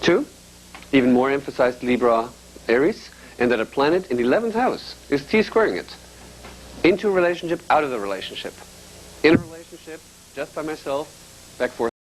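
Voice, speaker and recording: A man's voice: medium pitch, sing-song, fairly quick, poor audio. A man teaching an astrology class to a group, explaining step by step and often checking in with a questioning "yeah?".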